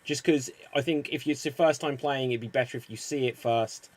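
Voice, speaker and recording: A man hosting an online improv comedy show, explaining the games in a brisk, upbeat way. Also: mid-range voice.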